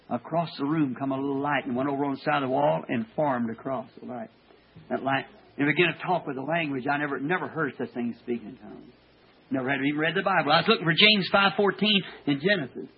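Man, preacher, fervent halting sermon, husky voice, tinny old tape. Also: sits high. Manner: fervent, halting, with repeated stammered restarts. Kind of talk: sermon testimony.

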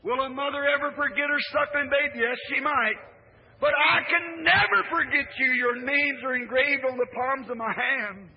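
A man preaching a sermon as a story, fervent, rising to shouts and then dropping low. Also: normal speed. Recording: muffled old recording in a reverberant hall.

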